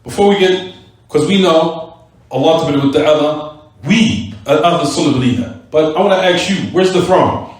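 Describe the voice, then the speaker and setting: A man's voice: a little high, normal speed. A man teaching a mosque class, who keeps asking his students "what?" and repeats key words for stress. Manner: rhetorical questions to students, "what?" prompts. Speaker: religious teacher. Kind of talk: recorded Islamic class lecture. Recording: very echoey room, voice from far off.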